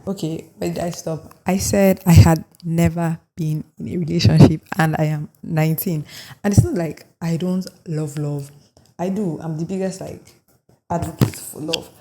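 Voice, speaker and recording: A woman's voice: low-pitched, steady tone, moderate pace, warm tone. A nineteen-year-old woman hosting a solo podcast, chatting casually and rambling with lots of "like," sounding tired. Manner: rambling and chatty, heavy use of "like". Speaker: podcast host.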